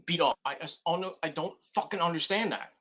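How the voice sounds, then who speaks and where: A man's voice: a little high, brisk, a bit bright. A man giving a rambling, profane and exasperated review of a wrestling show. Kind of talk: casual rant review.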